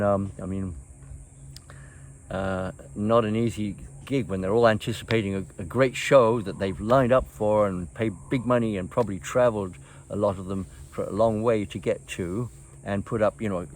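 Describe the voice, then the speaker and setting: An older man hosts, spinning loose, meandering stories with plenty of "you know" and little chuckles. His voice sits a bit low. A faint hum of night insects hangs behind him. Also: fairly even intonation, normal speed, darkish tone. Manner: rambling, chuckles often, many fillers and restarts. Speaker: host. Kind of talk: casual reminiscing storytelling.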